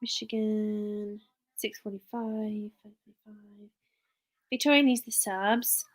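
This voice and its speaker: Speaking slowly in a mid-range voice with little pitch movement, a work-from-home mum streams live and chats casually. She rambles, reading viewer names aloud and restarting her sentences along the way.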